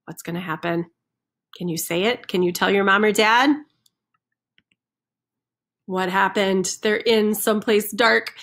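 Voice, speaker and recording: Slow, expressive woman reading a picture book aloud. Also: mid-range voice. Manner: slow, expressive, pauses to quiz young listeners. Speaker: children's center reader.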